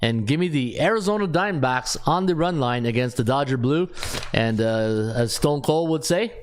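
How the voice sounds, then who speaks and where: A man's voice: medium pitch, lively intonation, normal speed, smooth. A man hosting a sports betting show, running through his picks in a casual way, thinking aloud and reading off stats with lots of fillers.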